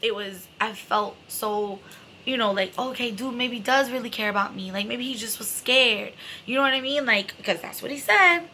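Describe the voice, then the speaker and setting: A young adult woman with a fairly high, sharp voice tells a personal story at a moderate pace over slight background noise. She's emotional and candid, swearing freely and filling her talk with "like" and "you know."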